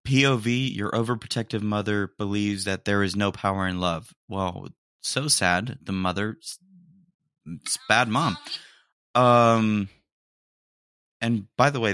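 A man's voice: fairly low pitch, a bit bright, dry recording, clean studio sound. A man hosting a podcast in casual, rambling chat, trailing off and restarting with slang. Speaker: podcast host.

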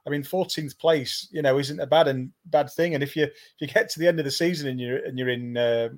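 A man's voice: mid-range voice, a little fast. A man co-hosting a casual football discussion, sharing opinions with hesitant starts and repeated words. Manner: hesitant, repeats words before getting going. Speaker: co-host and football pundit.

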